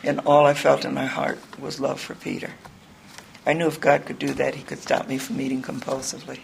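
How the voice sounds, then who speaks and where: A woman's voice: a bass voice, little pitch movement, brisk, gravelly, a little hiss or hum, low-quality recording. An older woman giving a candid, rambling personal testimony to a group, mocking herself as she tells it. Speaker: recovery speaker.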